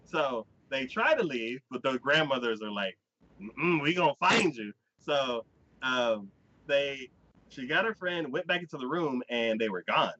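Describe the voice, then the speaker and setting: Man, podcast host, casual recap, lively swooping pitch, bright tense tone, dry dull lo-fi sound. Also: a little slow, no room sound. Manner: animated storyteller who acts out characters' lines in quoted voices. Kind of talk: casual chat recapping an anime.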